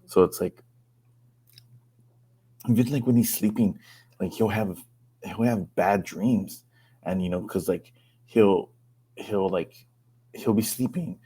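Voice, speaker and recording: A man's voice: sits low, takes it slowly, long pauses, mellow, slightly rough. A man co-hosting a podcast, talking hesitantly in casual chat, with many "you know"s. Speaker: podcast co-host.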